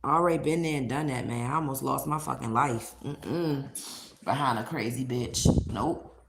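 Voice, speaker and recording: A woman's voice: rumbling low, moderate pace, creaky, a little hiss or hum. A young woman chatting bluntly and profanely with viewers on a livestream, laughing between points. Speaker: live streamer. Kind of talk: casual livestream chat with viewers.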